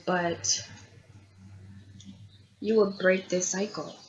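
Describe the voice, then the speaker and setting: Tarot-reader woman, lowish voice, earnest and confiding; dull lo-fi recording. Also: fairly even intonation, unhurried. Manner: earnest, confiding, repeats herself. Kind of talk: tarot reading monologue. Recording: dull lo-fi audio with faint background hiss.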